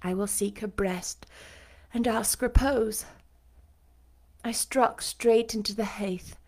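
Chatty woman reading a classic novel aloud. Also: medium pitch. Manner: chatty and self-mocking between chapters; measured, expressive reading of first-person narration. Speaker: audiobook reader.

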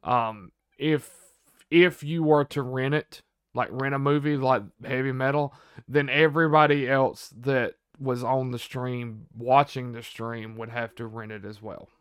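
Man, Southern accent, measured and explanatory, smooth resonant tone, bright edge. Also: medium pitch, steady tone, dry recording, studio quality. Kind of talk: casual chat.

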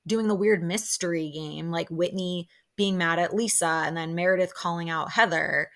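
A young woman hosting a podcast, chatting excitedly about a show with lots of fillers and quick quoted reactions. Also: on the low side. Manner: chatty, excitable, lots of "like" fillers, quoting people in lively bursts. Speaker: podcast host. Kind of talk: casual solo recap chat.

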